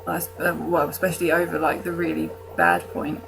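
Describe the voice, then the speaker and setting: A woman's voice: low voice, big pitch swings, fairly quick, creaky, over music, low-quality recording. A young woman from the UK talking casually to camera in her vlog, rambling with fillers and restarts and self-mocking jokes. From United Kingdom. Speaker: vlogger.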